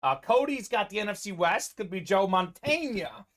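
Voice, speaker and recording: A man's voice: high voice, expressive, fairly quick. A man hosting a live-streamed sports card break, giving upbeat running commentary on teams and players.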